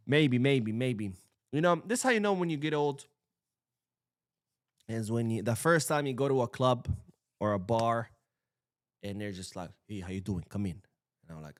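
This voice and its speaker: A young man hosts a live stream from his desk mic and reads viewer comments aloud. His talk is loose and profane, and his pitch swings widely. The sound is dry and close, with no room echo. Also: moderate pace, long pauses. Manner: animated, swears freely, reads chat aloud. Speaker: livestream host. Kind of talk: casual live-stream chat.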